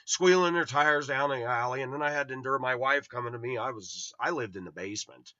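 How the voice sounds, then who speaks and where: A middle-aged Los Angeles vlogger, medium-pitched and brisk with a pushed, bright tone, rambles bluntly through personal stories and acts out the voices he quotes. It's a dull, dry lo-fi recording.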